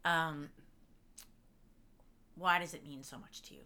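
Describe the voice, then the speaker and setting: A woman co-hosting a casual chat, with a low voice and a bright edge. She speaks in a gently curious, hesitant way. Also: steady tone, slow. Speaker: podcast co-host.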